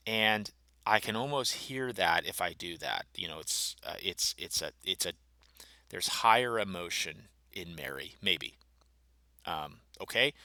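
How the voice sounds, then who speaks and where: A man's voice: on the low side, pushed and bright, no room sound. A man, a pastor, thinking aloud through a Bible passage, musing and explaining its grammar step by step.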